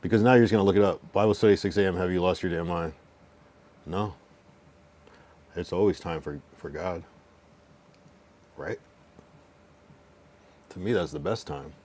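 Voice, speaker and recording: With slight background noise, a young male livestreamer in a low, slightly mellow register chats casually and responds to his viewers. His loose delivery mixes teasing, swearing and slang, restarts and long, drawn-out counting.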